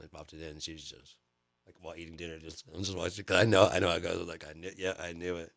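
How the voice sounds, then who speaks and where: Casual male host, very low voice, dry close sound, loose profane rambling. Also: little pitch movement, normal speed, vocal fry, no echo. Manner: profane, rambling, lots of fillers and repeats. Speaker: channel host.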